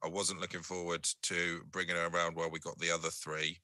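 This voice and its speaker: A man playing a tabletop game, joking and brisk in character. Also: sits low, little pitch movement, bright, forceful tone, no room sound. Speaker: player. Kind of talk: casual in-character tabletop play.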